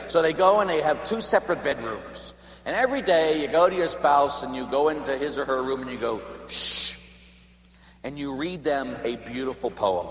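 A man's voice: on the high side, a bit bright, roomy sound, big-room sound, slight background noise. A man preaching a homily as a Catholic priest in a church, telling long humorous stories in a conversational way. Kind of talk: sermon.

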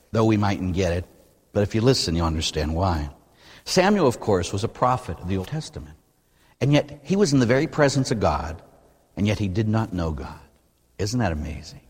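Husky-voiced priest preaching in a reverberant hall. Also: male voice, deep voice. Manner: animated, conversational preaching with rhetorical questions. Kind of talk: sermon. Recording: long reverb in a large hall.

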